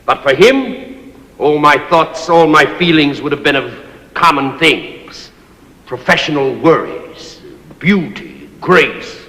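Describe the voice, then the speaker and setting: A man's voice: fairly high pitch, sharp tone, exaggerated voice. A stage actor playing a pompous, overbearing old man who rules a servant, declaiming grandly. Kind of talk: stage play performance. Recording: echoey stage hall recording.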